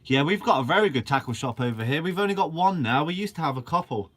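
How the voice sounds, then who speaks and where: A man's voice: fairly high pitch, expressive, fast talker, fairly bright tone. A young man from Guernsey, hosting a fishing channel and answering live chat in a chatty, upbeat way with casual swearing. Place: shed.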